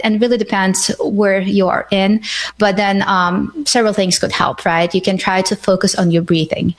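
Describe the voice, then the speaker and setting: Calm woman guiding breathing exercises. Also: medium pitch. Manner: calm, guiding, frequent "right?" tags. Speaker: guest expert on panic attacks. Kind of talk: calm instructional chat.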